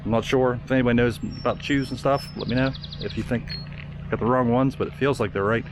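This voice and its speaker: A man talking casually to his vlog camera, thinking out loud and unsure of himself. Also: mid-range voice, fairly even intonation, quick pace, over music. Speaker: vlogger. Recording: outdoor noise behind the voice.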